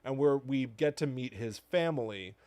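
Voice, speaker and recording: Man, 30s, podcast co-host, animated ranting, casual chat, dry close sound. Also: medium pitch, moderate pace, dry recording. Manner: animated, ranting, mocking impressions.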